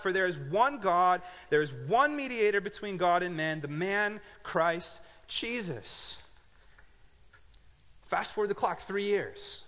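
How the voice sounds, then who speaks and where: A man preaching a sermon, telling a story with lively swings from quiet asides to loud emphatic lines. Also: sits high, in a large hall. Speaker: pastor.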